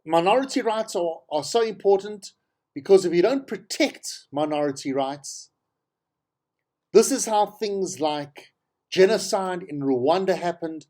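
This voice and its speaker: A South African man talks through the news in an opinionated monologue. He sounds exasperated and sarcastic and hammers points home by repeating them. His voice is very animated, jumping from low mutters to high, incredulous peaks. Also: unhurried. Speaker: talk show host. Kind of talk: opinionated political commentary monologue.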